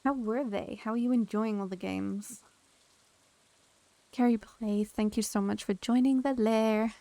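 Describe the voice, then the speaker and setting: A woman's voice: on the high side, fairly even intonation, measured pace, dark tone, dry recording. A young woman streaming a game, chatting casually and thanking viewers by name as she plays. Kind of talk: casual live-stream chat.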